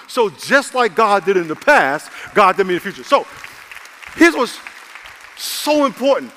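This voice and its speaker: A man preaching a sermon as a pastor, animated and calling for amens, his voice rising to excited shouts. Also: sits high, normal speed. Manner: calls for amens from the congregation. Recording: long hall reverb.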